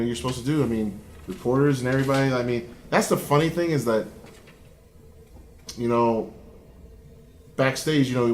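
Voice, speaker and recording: A man being interviewed as a competitive bodybuilder, telling his story in a lively, profane way and acting out what he said back then. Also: medium pitch, a little hiss or hum. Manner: lively and profane, acts out his own past lines. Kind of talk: animated storytelling in conversation. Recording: roomy echo.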